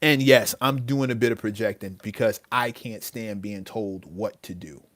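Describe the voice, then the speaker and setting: A man's voice: on the low side, normal speed, a bit bright, dry recording. A man hosting his own livestream, ranting emphatically about entitlement, often restarting his words. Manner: heated, emphatic, with many repeated restarts. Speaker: livestream host and rapper.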